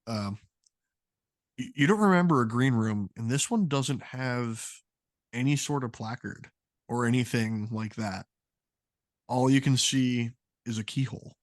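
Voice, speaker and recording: A man narrating a tabletop game as game master, casual and halting. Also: medium pitch, no room sound, clean studio sound.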